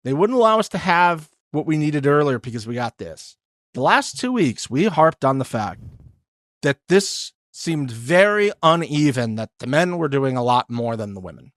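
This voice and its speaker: A man's voice: moderate pace, no room sound. A man co-hosting a podcast, chatting casually and animatedly, swearing and mimicking others. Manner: animated, swears, mimics people in high voices. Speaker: podcast co-host. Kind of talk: casual recap chat.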